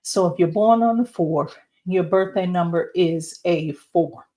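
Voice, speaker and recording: A woman giving an oracle card and numerology reading, talking slowly and reflectively straight to the viewer. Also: on the low side, warm tone. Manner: slow, reflective, speaks to viewer directly.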